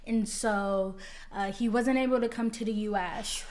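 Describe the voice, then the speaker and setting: A woman telling how she met her husband, animated and excited, acting out her own reactions. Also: medium pitch, unhurried. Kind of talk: casual storytelling.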